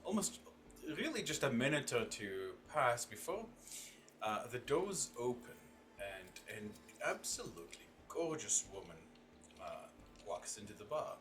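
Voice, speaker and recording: A man narrating as game master for a tabletop game, halting with many fillers. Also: medium pitch, very animated, a bit bright, faint music behind.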